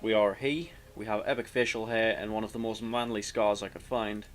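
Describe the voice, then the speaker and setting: Low-voiced man rambling over a game. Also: steady tone, fairly quick, soft background music. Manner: rambling and self-mocking, with fillers and restarts. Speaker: let's play commentator. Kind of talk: casual gameplay commentary, reading game text aloud.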